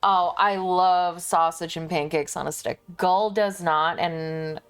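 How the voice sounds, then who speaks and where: A young woman streamer chatting casually to her viewers while she shops online, thinking out loud and laughing often. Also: on the low side, fairly even intonation, takes it slowly, clear, resonant tone, soft background music.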